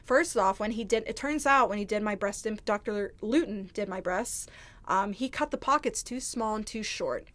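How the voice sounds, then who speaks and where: A woman's voice: medium pitch, normal speed, fairly bright tone. A woman telling a candid storytime to camera in casual chat, rambling and peppered with "like". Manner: candid, rambling, heavy use of "like". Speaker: vlogger. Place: indoors, seated at home.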